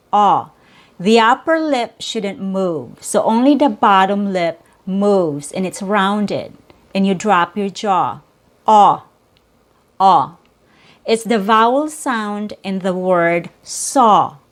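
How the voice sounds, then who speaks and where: Slow, deliberate woman teaching pronunciation. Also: medium pitch. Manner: clear, deliberate, demonstrates sounds and repeats example words. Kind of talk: slow, careful pronunciation lesson.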